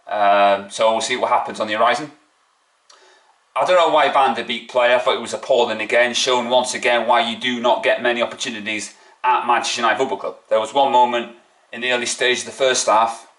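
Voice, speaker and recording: A man's voice: mid-range voice, fairly bright tone, roomy sound. A man, a football fan vlogger ranting after a match, mocking and indignant, full of rhetorical questions. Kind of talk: opinionated fan rant.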